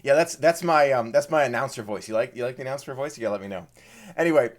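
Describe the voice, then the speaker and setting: A Maryland man hosts a live stream, greeting viewers and chatting casually. Eager and excitable, he often repeats words, talking fast at a medium pitch.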